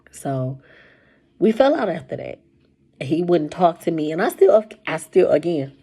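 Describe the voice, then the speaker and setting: A woman casually telling a personal story to camera, animated and colloquial, her voice jumping high when she quotes herself. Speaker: storyteller sharing a personal testimony.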